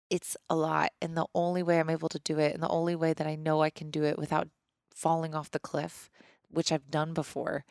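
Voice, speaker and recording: In her thirties, this podcast host has a low, gravelly, slightly mellow voice, recorded at studio quality with no echo. She chats candidly and rambles through listener questions in a casual way, restarting many times.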